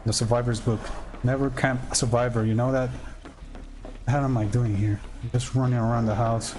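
A man streaming a horror game, talking through his play, reacting loudly and yelling warnings at teammates. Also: medium pitch, moderate pace. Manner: excitable, shouts warnings at teammates, swears. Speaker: gameplay streamer. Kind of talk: live gameplay commentary.

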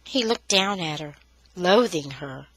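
A woman storyteller reading a novel chapter aloud in an expressive, dramatic way. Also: on the low side, unhurried, husky, low-quality recording. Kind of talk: scripted narration.

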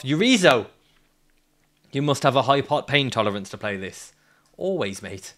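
A man's voice: mid-range voice, sing-song, moderate pace, long pauses, a bit bright. Swearing man ranting at a game. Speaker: streamer. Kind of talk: live gameplay commentary.

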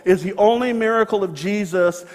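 High-voiced pastor preaching in a reverberant hall. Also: male voice, moderate pace. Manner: earnest storytelling with animated quoted voices. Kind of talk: sermon. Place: church sanctuary.

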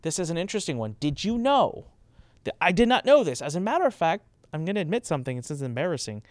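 A man's voice: big pitch swings, quick pace, dry recording, studio quality. A man hosting a channel, explaining marketing rules in a casual talk to camera, emphatic and acting out quoted speakers. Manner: emphatic, acts out quoted speakers with raised pitch. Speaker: host explaining marketing compliance.

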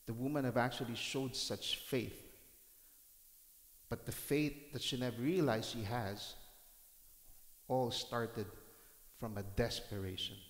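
A male pastor delivering a sermon, reading scripture aloud and breaking into dramatic shouted reenactments. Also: medium pitch, steady tone, takes it slowly, long pauses. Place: church hall. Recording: roomy church hall with long reverb.

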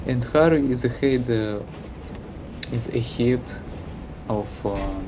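Background noise fills this clip of a Russian man with a mid-range voice. He's commentating a strategy game in broken, hesitant English, correcting himself often and using lots of fillers, his Russian accent clear.

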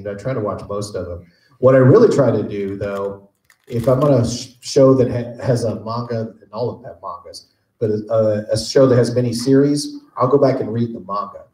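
A man in his fifties from Texas, telling stories and joking as a voice actor answering questions at a convention panel. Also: medium pitch. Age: 50s. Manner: animated joking storyteller. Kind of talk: casual convention Q&A. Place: large convention panel room. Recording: echoey convention hall.

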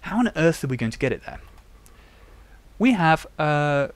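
With a fairly high, sing-song voice at a normal speed, a young man chats and thinks out loud while live-coding a tutorial on stream.

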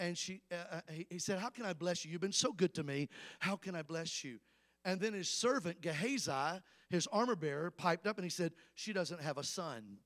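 A man preaches, his voice sitting high for a man. He drives rhythmic, repeated refrains at the congregation, then eases into a steadier storytelling tone as he retells scripture. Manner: rhythmic call-and-response preaching, shouting refrains; calmer storytelling when recounting scripture. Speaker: evangelist. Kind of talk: sermon. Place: church sanctuary with a congregation.

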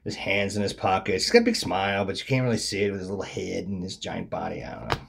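A man's voice: low voice, sing-song, fast, gravelly, a little hiss or hum. A man casually commenting on his baseball card collection, wry and mocking, often trailing off into mumbled asides.

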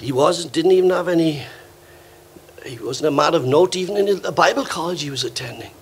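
Older Welsh-born male preacher, slightly high voice, anecdotal sermon style. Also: fairly quick, a little hiss or hum. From Wales. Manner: storytelling, warm anecdotes with acted quotes. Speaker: visiting preacher. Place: church hall.

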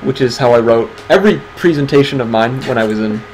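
A man's voice: medium pitch, quick pace, darkish tone, a little hiss or hum, poor audio. A man hosting a casual livestream awards segment, talking in a wry, sarcastic, rambling way. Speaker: stream host presenting community awards.

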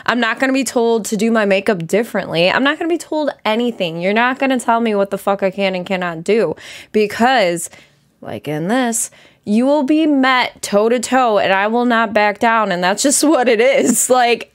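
A young woman chatting casually on her reaction channel, excitable and profane, laughing often and drawing out her exclamations. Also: medium pitch, smooth. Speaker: music reaction YouTuber.

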